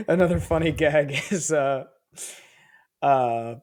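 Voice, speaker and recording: Animated man retelling scenes between laughs. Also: fairly high pitch, slow pace. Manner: animated storyteller, laughing through recaps. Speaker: podcast co-host. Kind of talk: casual chat.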